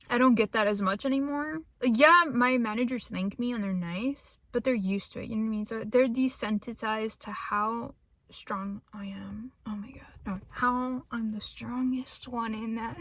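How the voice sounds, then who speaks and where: A woman's voice: a little high, normal speed, fairly bright tone, no room sound. Young woman rambling in a vlog. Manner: joking, self-mocking, drops into whispers. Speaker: vlogger.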